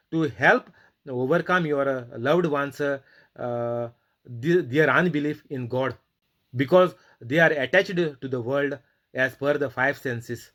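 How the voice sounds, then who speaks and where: A man leading a bible study sermon who reads scripture aloud and explains it slowly, with many pauses, fillers and non-native phrasing. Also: medium pitch, fairly bright tone. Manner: slow, halting, many fillers and restarts. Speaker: preacher.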